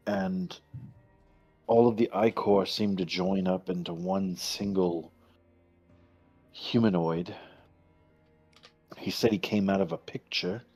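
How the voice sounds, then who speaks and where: A man voicing a solemn monster hunter who reports in a halting, earnest way in a tabletop game. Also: sits low, darkish tone.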